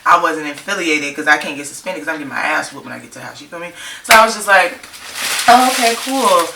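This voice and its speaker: Young female vlogger from California, laughing storyteller, slightly low voice in a roomy space. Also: rapid-fire, creaky, recorded from a distance. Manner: slangy, rambling, laughs often. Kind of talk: casual storytime chat. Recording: roomy, off-mic, faint noise.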